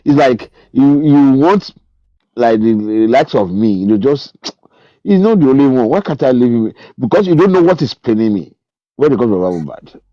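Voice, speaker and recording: An older man with a Nigerian accent calling into a live stream, speaking haltingly and trailing off into restarts. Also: medium pitch, animated, dry recording. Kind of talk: casual live-stream argument. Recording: muffled lo-fi call line.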